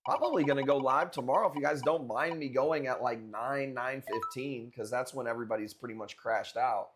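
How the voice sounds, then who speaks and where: Young guy, live auction host, rambling jokey banter, mid-pitched voice. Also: a little fast, a bit bright. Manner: joking, rambling, crude banter with chat. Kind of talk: casual live auction chat.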